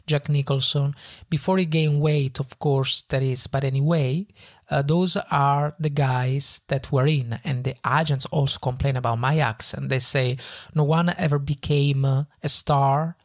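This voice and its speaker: A man's voice: a little high, steady tone, dry recording. Italian-accented man, dry close sound. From Italy. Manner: halting, many fillers and restarts when speaking off-script. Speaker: podcast host. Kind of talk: retelling a speech with personal asides.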